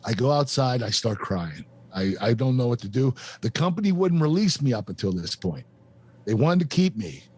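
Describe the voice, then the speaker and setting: A man's voice: medium pitch, sing-song, a little mellow, husky. Emotional man telling his story. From United States. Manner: emotional, halting, many fillers and restarts. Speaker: guest, former pro wrestler. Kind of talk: candid personal storytelling.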